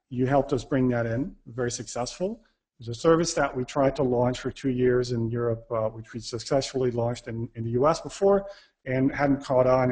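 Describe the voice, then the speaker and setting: A man's voice: medium pitch, a little mellow. A man giving a talk, telling a self-deprecating story and acting out the quoted dialogue. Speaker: speaker.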